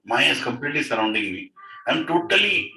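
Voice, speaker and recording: A man's voice: mid-range voice, very animated, fairly quick, pushed and bright, full character voice. A man voicing a desperate male king who pleads over and over for help. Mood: pleading. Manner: begging, repetitive pleas. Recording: roomy, distant mic, faint noise.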